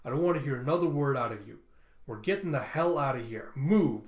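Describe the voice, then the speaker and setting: A man's voice: medium pitch, normal speed, darkish tone, lightly acted. A man voicing a curt, commanding woman fighter who gives orders while fleeing, reading from a comic. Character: tough bossy woman fighter, impatient. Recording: roomy echo.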